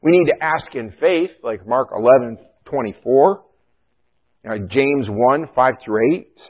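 A man's voice: medium pitch, animated, measured pace, husky. A middle-aged man pastor preaching a sermon in a conversational way, often adding "you know" and "right?". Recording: thin phone-like sound.

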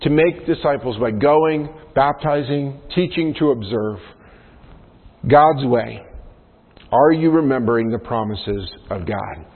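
A male pastor delivers an earnest sermon, turning again and again to his congregation with questions. His voice sits at an ordinary pitch. The sound is thin and phone-like, trailing off in a long church-hall reverb. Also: animated, unhurried, breathy edge.

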